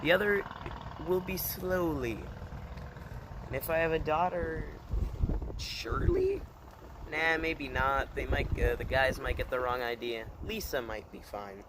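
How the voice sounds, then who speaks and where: A man chatting casually to his channel, rambling and hesitant, full of fillers and deadpan puns. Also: medium pitch, measured pace, background noise. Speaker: channel host. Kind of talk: casual vlog chat.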